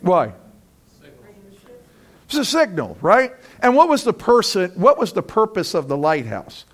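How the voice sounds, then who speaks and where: Animated preacher man, higher voice. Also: unhurried. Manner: animated, acts out voices of friends, rises to loud peaks. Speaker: pastor. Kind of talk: sermon.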